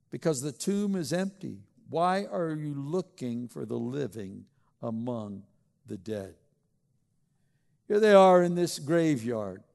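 High-voiced male pastor in echoing hall. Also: vocal fry, a little mellow. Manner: conversational, joking, asks the congregation questions. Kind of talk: sermon.

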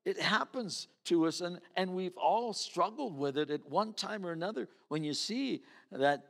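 A man's voice: sits high, expressive, normal speed, vocal fry, fairly bright tone. A man preaching a sermon in a conversational way, acting out the voices of the people he quotes. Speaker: pastor. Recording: reverberant hall.

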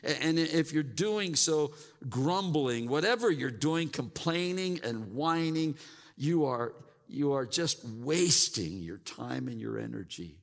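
A pastor delivers a sermon in a slightly high, gravelly voice. He doubles back on words and restarts his phrases, and the sound rings out in a hall with a long reverb. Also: lively intonation, slow. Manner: repeats words, mimics grumbling churchgoers.

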